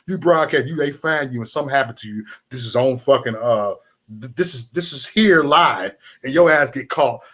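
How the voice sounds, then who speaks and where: A man hosting a live stream, venting at trolls in chat with heavy cursing. His pitch swings up and down a lot as he mocks and scolds. He talks loosely, as if to regulars. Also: normal speed. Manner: profane, animated, mocking chat trolls. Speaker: livestream host.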